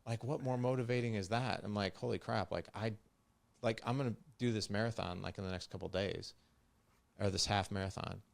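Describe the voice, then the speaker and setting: A man close to fifty speaks as a podcast guest, blunt and emphatic, often circling back and repeating words for force. His voice sits very low with a rough, gravelly texture. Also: steady tone, brisk. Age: 40s. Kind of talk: direct conversational talk.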